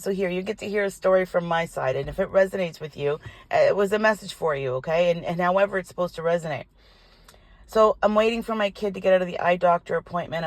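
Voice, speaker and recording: An older woman, a tarot reader, telling a personal story in an animated, indignant way, with some swearing. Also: fairly low pitch, dry recording. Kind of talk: casual storytelling vlog. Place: parked car.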